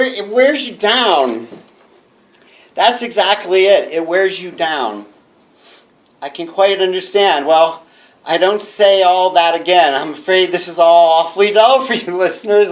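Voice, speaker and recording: Jittery male radio announcer, high voice, nervous chatter, talks to listeners, played by a man, live reading. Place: bookstore, in front of a live audience.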